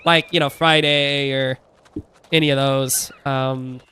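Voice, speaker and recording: A man's voice: medium pitch, flat delivery, slow pace, sharp tone, clean tone. A man in his thirties chatting casually on a live stream, rambling through asides and laughing often.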